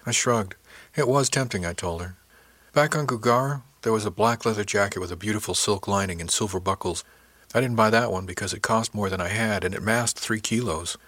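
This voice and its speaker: A man giving a measured, even first-person audiobook narration. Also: on the low side, no room sound.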